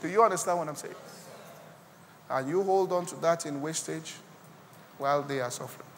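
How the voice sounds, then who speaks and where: A man with a Nigerian accent preaching a sermon as pastor, swinging from quiet asides to loud, rising exclamations. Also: on the high side, normal speed, big-room sound, slight background noise. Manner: preaching with sudden loud rises and quiet drops.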